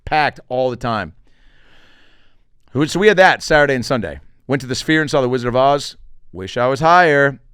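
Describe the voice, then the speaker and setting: A middle-aged male comedian hosts his podcast and rattles off stories and tour dates in a loose, joking way. His pitch swings widely as he talks. The voice is smooth and resonant, picked up close on a dry studio mic. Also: no echo. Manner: animated, joking, swearing, does quick voices for quotes. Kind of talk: casual solo podcast monologue.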